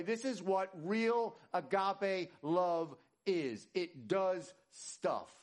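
A man preaching a sermon, animated, swinging from loud emphatic lines to hushed low ones. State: winded. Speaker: pastor.

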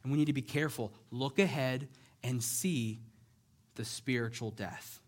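A man preaching a sermon, retelling a Bible story in a lively, conversational way and acting out the characters' lines. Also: mid-range voice, normal speed. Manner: conversational, checks in with "right?".

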